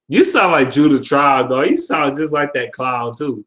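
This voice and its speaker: In this sports vlog, a medium-pitched male voice makes football predictions, reads viewer comments, and fires off profane trash talk. He keeps a moderate pace with few pauses, laughing and staying animated throughout the casual banter.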